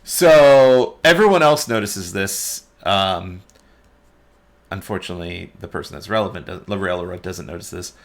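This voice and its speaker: A man narrating as dungeon master of a tabletop game, relaxed and unhurried with small hesitations. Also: sits low.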